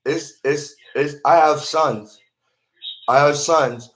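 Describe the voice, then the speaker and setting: A man's voice: on the high side, slow, fairly bright tone. A man talking to a phone in a rambling monologue, often repeating and restarting his words.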